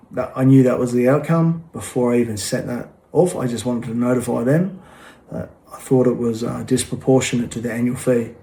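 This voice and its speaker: A man's voice: medium pitch, a little mellow. Casting: man, plain-spoken and frank, casual delivery with many ums. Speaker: vlogger. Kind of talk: casual talk to camera.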